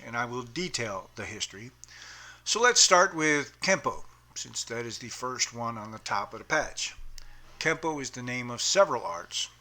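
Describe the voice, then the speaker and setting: A man's voice: mid-range voice, bright, forceful tone. A man explaining the history of his martial arts uniform patch, reading aloud carefully, with small stumbles and self-corrections.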